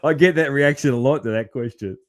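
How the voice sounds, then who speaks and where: A man's voice: mid-range voice, a little fast. A man hosting a casual podcast, easygoing and full of fillers like man and mate. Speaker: podcast host.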